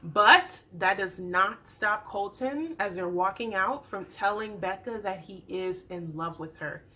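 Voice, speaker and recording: A young adult woman chatting through a casual TV recap, animated and acting out the people she describes. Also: medium pitch, unhurried. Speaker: YouTube TV recap host.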